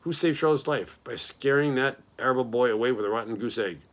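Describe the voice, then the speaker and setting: A man's voice: medium pitch, brisk, fairly bright tone, natural voice. A man voicing a grumpy, selfish male rat who talks in a mocking, complaining way.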